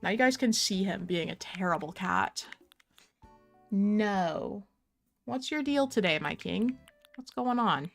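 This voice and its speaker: A woman's voice: medium pitch, animated, slow pace, pauses often, soft background music. Chatty young woman streaming a cozy game. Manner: chatty, playful, talks to her cat and chat. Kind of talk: casual game stream chat.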